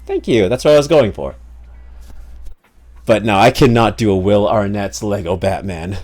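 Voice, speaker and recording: A man's voice: fairly low pitch, normal speed, darkish tone. A man streaming a game, chatting casually and joking, rambling with many fillers. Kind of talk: casual live-stream chat.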